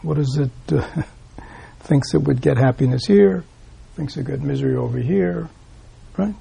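Very gravelly, husky-voiced Buddhist teacher. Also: male voice, a little high, unhurried, dark tone. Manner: rhetorical questions, frequent "right?", chuckles. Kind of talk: dharma talk.

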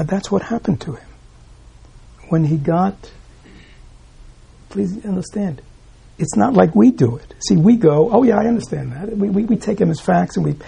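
A man teaching a dharma talk to a gathered room, his voice deeply gravelly and husky, with a mellow, dark tone sitting a little high for a man. He reflects aloud, poses rhetorical questions and often sinks into a hush. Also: rough recording. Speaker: Buddhist teacher. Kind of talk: dharma talk to a live audience.

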